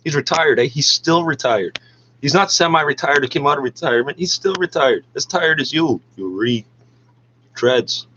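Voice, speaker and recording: A man's voice: on the high side, expressive, normal speed, pushed and bright, slight background noise. Angry man ranting into a muffled mic. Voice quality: heated, sarcastic, talks back at the radio. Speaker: podcaster ranting over radio news. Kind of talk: angry profane monologue.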